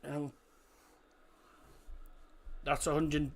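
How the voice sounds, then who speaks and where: A man's voice: medium pitch, takes it slowly, a bit bright. A young man chatting casually while streaming a football watchalong, blunt and rambling. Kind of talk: casual live commentary and chat.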